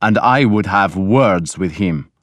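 Male narrator as stern Viking lord; low, slow, harsh menace in a storybook. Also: animated, a bit bright, no echo, clean studio sound, heavily acted. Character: stern angry Viking lord, grim and commanding.

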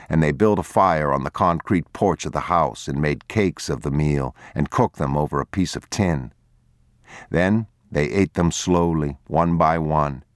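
Deep-voiced man reading a novel. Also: dry recording, studio quality. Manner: measured, grave reading. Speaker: narrator. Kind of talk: audiobook narration.

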